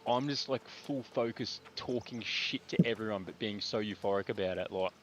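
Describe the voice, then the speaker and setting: The audio is dull and the background noisy as a young Australian guy streams a game and rambles through a long, swear-filled, slangy story. He has a lowish voice and keeps a moderate pace.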